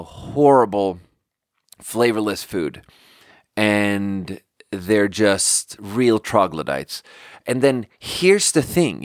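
A man's voice: on the low side, dry recording, clean studio sound. A young man from Sweden telling a rambling, exasperated story in casual podcast chat and swearing freely. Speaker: podcast host.

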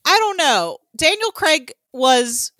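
A woman's voice: high voice, sing-song, takes it slowly, pushed and bright, no echo. A woman from Georgia co-hosting a podcast, chatting casually with many fillers and some swearing. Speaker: podcast co-host. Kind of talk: casual chat.

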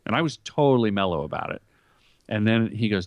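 A man's voice: fairly low pitch, lively intonation, fast talker, no room sound. A middle-aged man, a commercial director and comedian, telling anecdotes in an interview and acting out quoted lines. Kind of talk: storytelling interview talk.

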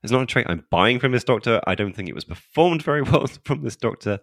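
A man's voice: mid-range voice, expressive, fast talker, creaky, no echo, studio quality. A man co-hosting a podcast, giving a blunt, sweary and exasperated review in casual chat. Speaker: podcast co-host.

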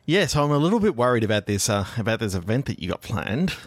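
A man's voice: medium pitch, very animated, fast, no echo. A man improvising a comedy sketch, flustered and stammering, agitated. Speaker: comedy podcast guest.

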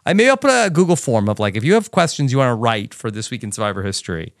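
A man hosting a podcast, chatting casually in quick bursts with fillers. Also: medium pitch, very animated, no room sound, studio quality. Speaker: podcast host.

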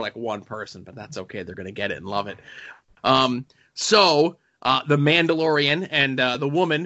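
A man's voice: medium pitch, sharp tone. A man co-hosting a podcast, chatting casually and joking as he rambles with fillers about comics and TV. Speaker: podcast co-host. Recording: dull lo-fi sound.

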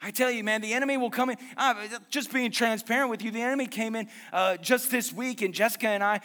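High bright-voiced preacher in a hall. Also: male voice, fast talker. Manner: lively, conversational preaching with jokes and asides. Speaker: pastor. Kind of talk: sermon.

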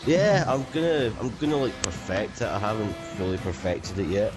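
A man's voice: fairly low pitch, sing-song, moderate pace, over music. A man rambling casually in a film commentary chat and swearing along the way. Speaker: commentary co-host.

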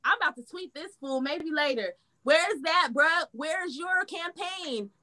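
A woman's voice: high voice, expressive, unhurried, bright, forceful tone. A woman hosting a political reaction stream, blunt and profane, speaking, getting heated and then pulling herself back. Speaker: reaction show host. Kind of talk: casual political commentary.

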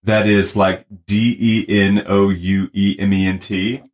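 Texan man, low voice, lively storyteller, podcast guest. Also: measured pace. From Texas. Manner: animated storytelling, laughs often. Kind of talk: casual chat.

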